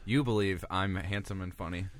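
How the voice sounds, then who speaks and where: A man appearing as a guest on a comedy podcast, cracking deadpan jokes and chuckling. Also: deep voice, normal speed. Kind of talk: casual comedic chat.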